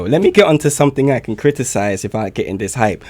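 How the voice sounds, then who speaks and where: A man reacting to community music on a live stream, hyped and excitable, often shouting his praise. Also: mid-range voice, fast talker, hardly any pauses, slightly rough.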